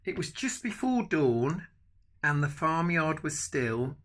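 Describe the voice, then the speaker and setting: An older man, a grandfather, reading a picture book aloud to his grandchildren with animated asides. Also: fairly high pitch, slow. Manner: animated, adds chatty asides to the children. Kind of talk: bedtime storybook reading.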